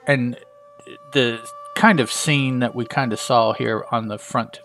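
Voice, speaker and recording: Casting: chatty comic reviewer, gravelly, offhand asides. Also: male voice, medium pitch, steady tone, slow, fairly bright tone. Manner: casual, chatty, asides and fillers. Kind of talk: casual comic read-through.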